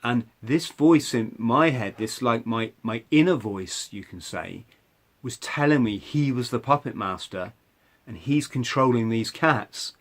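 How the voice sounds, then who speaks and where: A man's voice: medium pitch, expressive, a little slow. A man hosting a podcast, telling a personal story conversationally, with restarts and frequent "right?" asides. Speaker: podcast host.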